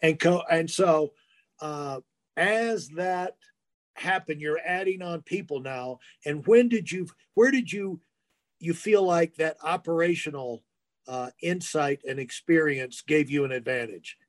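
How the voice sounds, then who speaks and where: Podcast host with a rather high voice. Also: male voice. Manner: rambling questions with restarts, quick jokes. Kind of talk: interview questions.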